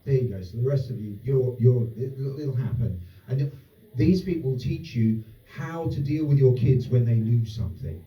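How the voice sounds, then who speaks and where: Sarcastic, sweary comic on stage. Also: male voice, mid-range voice, normal speed. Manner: sarcastic, sweary, rambling asides. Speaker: stand-up comedian. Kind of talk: stand-up comedy set. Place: comedy venue with live audience. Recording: roomy distant dull club recording.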